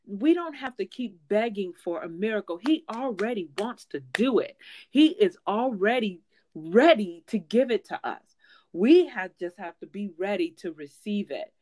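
A woman's voice: mid-range voice, a little mellow, no room sound. A woman preaching a sermon in an earnest, emphatic way, with frequent fillers and restarts.

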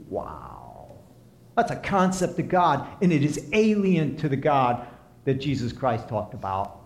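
A man preaching a sermon and counseling as he talks, impassioned, swinging from soft to emphatic. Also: mid-range voice, wildly swooping pitch, measured pace. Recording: echoey room.

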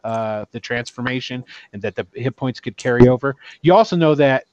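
A man narrating as game master, rambling and animated, laughing often. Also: medium pitch, a little fast, no room sound, highs cut off.

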